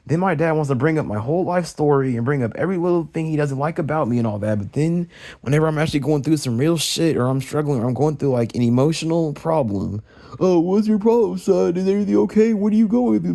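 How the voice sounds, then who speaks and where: Young guy ranting late at night, talks super fast, kinda high but dark toned, swearing a lot and restarting his words. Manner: agitated, profane, rapid-fire venting with restarts. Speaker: vlogger.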